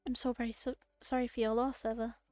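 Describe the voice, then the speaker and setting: A woman voicing a calm, kindly hospital doctor in a game, reading the lines gently and reassuringly. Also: fairly high pitch, fast talker, dry recording, soft background music, lightly acted.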